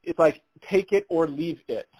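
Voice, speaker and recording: A man with a notably high-pitched voice tells a story on a casual podcast. He acts out the other people's lines and breaks into laughter along the way. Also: normal speed, poor audio. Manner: animated storyteller, laughs while telling, acts out quotes. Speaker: podcast co-host.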